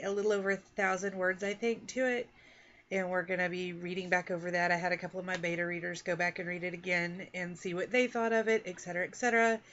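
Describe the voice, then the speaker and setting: Woman, from Texas and Oklahoma, author vlogger, casual rambling chat, self-deprecating, mid-pitched voice, slightly muffled lo-fi sound. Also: fairly bright tone, a little hiss or hum. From Texas and Oklahoma, USA.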